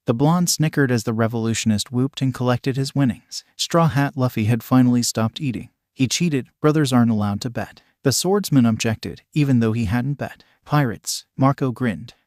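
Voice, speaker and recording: A man's voice: medium pitch, moderate pace, few pauses, darkish tone, no room sound. Man reading a story, dry close sound. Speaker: narrator. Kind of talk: fan fiction read-aloud.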